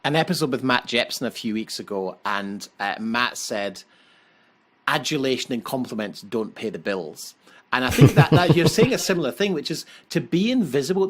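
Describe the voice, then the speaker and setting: Lively podcast host. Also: male voice, mid-range voice. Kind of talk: casual podcast interview.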